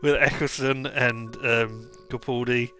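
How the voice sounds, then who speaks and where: Very bright-voiced rambling male streamer. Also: medium pitch, steady tone, takes it slowly, soft background music. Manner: rambling, jokey, digressive. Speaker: game streamer. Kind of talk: casual let's-play chat.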